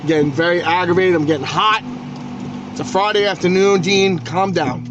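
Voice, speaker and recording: High-pitched, profane New sports ranter. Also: male voice, normal speed, muffled recording. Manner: profane, agitated ranting with stammered restarts. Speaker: podcast host. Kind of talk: solo sports rant. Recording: noisy background ambience.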